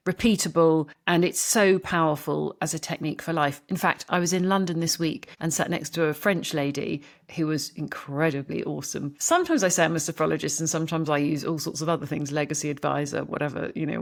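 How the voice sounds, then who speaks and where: A woman hosts a podcast interview in a conversational way. Her voice sits a little low. She tells stories with animated enthusiasm. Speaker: podcast host.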